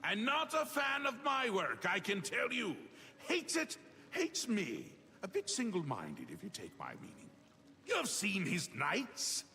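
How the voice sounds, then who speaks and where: An actor playing a manic male Daedric prince who swings wildly between whispers and shouts, in a video game. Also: high-pitched, wildly swooping pitch, unhurried, exaggerated voice. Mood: mocking. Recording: game audio with long reverb.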